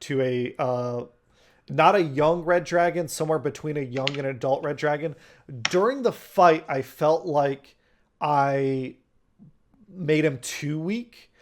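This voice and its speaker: A man's voice: on the high side, slow pace, a little hiss or hum. Talkative man hosting a game recap. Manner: rambling, restarts, reads out questions. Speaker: dungeon master and host. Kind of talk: casual group chat, reading questions.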